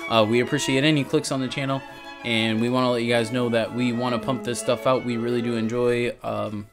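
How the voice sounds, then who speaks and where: A man's voice: medium pitch, little pitch movement, fairly quick, music in the background. Young man rambling through a podcast sign-off. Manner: loose, rambling, casual swearing. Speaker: podcast host. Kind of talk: casual chat, show sign-off.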